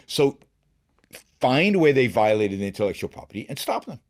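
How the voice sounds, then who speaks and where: A man's voice: mid-range voice, sing-song, moderate pace. A middle-aged man hosting a solo political commentary show, talking emphatically with frequent restarts and repeated words. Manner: emphatic, with many restarts and repetitions. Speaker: show host.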